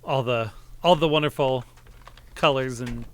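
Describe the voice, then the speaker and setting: A man playing an easygoing cartoon character from a drawn world, chatting in character on a podcast in a relaxed, matter-of-fact way. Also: medium pitch, unhurried, slight background noise, lightly acted. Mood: amused.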